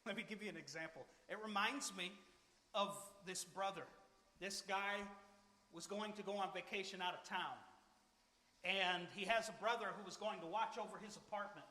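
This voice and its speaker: High-voiced preacher in an echoey hall. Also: male voice, moderate pace, bright, forceful tone. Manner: earnest, emphatic, conversational preaching. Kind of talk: sermon. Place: church sanctuary.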